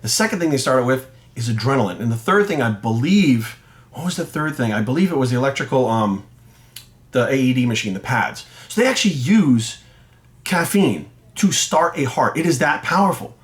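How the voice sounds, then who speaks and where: A middle-aged man, a fitness coach, telling a story to camera in a blunt, profane, animated rant. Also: mid-range voice, normal speed. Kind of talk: ranting monologue to camera.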